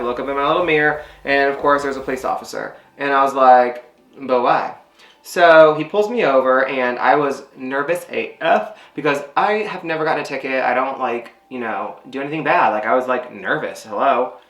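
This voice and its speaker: A man at a middle pitch tells a story while going through his skincare routine. His talk rambles and is loaded with fillers. The room around him has a noticeable echo. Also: a bit bright. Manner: rambling, filler-heavy chat. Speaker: beauty vlogger. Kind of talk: casual storytime.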